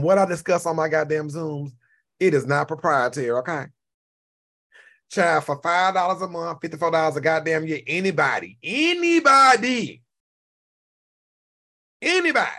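A man in his forties hosting a casual live-stream rant, animated and profane, repeating himself and now and then breaking into shouts. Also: a little high. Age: 40s. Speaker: YouTube commentary host.

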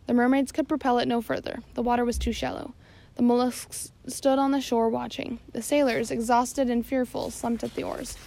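A woman's voice: a little high, little pitch movement, moderate pace, gravelly, dark tone. A woman narrating an audiobook chapter, reading steadily with occasional slips and self-corrections. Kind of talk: scripted narration.

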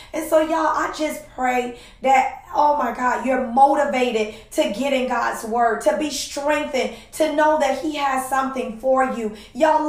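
A woman's voice: high voice, echoey room. A woman hosting a devotional podcast, preaching in a heartfelt, emotional way, close to tears and calling out "y'all" to her listeners. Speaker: podcast host.

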